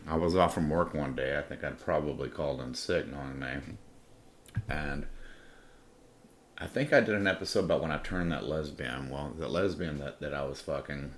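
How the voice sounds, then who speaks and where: Very deep-voiced, profane man telling a story. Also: fairly bright tone, a little hiss or hum. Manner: blunt, swaggering, heavy swearing. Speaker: podcast storyteller.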